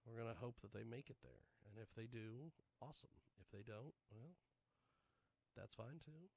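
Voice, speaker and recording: A man with a gravelly, fry-heavy voice hosts a loose live show, drifting between topics and muttering jokey asides to himself. His voice sounds dry and close, with no room sound around it. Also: medium pitch, lively intonation, normal speed, fairly bright tone, no room sound. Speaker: radio show host. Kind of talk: casual live show chat.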